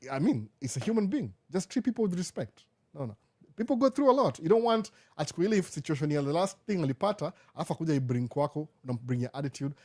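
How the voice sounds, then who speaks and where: The host of this laid-back live Q&A is a young Kenyan man who speaks with a Kenyan accent and shifts between Swahili and English. His pitch is fairly high, and the tone is a little mellow.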